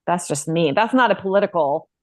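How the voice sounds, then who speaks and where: Low-voiced woman, dry close sound. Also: animated, a little fast, no room sound. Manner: chatty, loose, trailing asides. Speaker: co-host. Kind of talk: casual panel chat.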